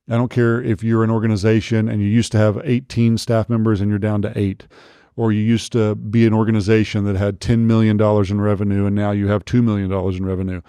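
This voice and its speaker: A man's voice: fairly low pitch, gravelly, warm tone, dry recording, studio quality. A man hosting a leadership podcast, speaking earnestly and urgently, repeating his points and checking in with "okay?". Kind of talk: motivational podcast monologue.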